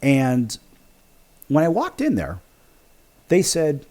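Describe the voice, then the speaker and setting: A man's voice: fairly high pitch, huge pitch swings, takes it slowly, a little mellow. A male sports show host telling a casual story, acting out both sides of each conversation.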